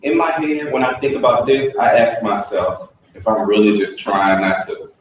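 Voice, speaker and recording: A man's voice: lowish voice, flat delivery, normal speed, slight background noise. A man leading a staff training session, explaining in a conversational, anecdotal way. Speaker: workshop trainer. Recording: echoey room from a far mic, dull sound.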